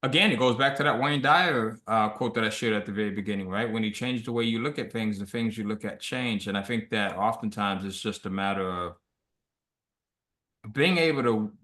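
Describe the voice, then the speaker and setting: A male webinar host with a bright, forceful tone talks conversationally and motivationally, reading out viewer questions. His voice rings with a roomy echo. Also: fairly low pitch, fairly quick.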